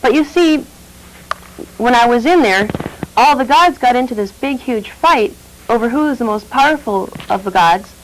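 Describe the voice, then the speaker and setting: A woman's voice: on the high side, animated, normal speed, slight background noise, pitched above the performer's own voice, lightly acted, low-quality recording. A woman voicing a clever young man, Abraham, who talks slyly and innocently. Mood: mock-innocent. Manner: sly, mock-innocent.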